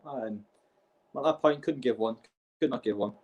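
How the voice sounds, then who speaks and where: Streaming a football match live, a young man fires off exasperated, sweary reactions in rants that shift fast. His voice is mid-range with a darkish tone.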